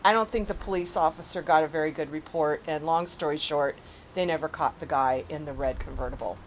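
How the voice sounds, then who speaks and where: Woman, author, personal storytelling, dramatic, animated, loud emotional bursts, lowish voice, faint hiss. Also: fairly quick. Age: adult.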